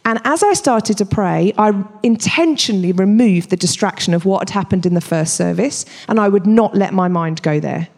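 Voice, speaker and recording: A woman preaching a sermon, telling the story with expressive emphasis and punchy stresses. Her voice sits at an ordinary middle pitch. It rings out with a long reverb, as if recorded in a big church hall. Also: moderate pace.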